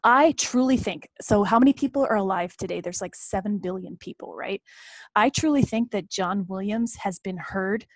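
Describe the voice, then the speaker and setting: A woman's voice: medium pitch, moderate pace, dry recording. Female co-host, 30s, earnest and effusive, dry close sound. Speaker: podcast co-host. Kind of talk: casual chat.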